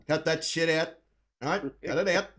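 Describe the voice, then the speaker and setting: A man's voice: a little high, fairly even intonation, takes it slowly, a bit bright. A man putting on an exaggerated Australian accent to voice a rowdy, crude gargoyle bloke, laughing as he goes.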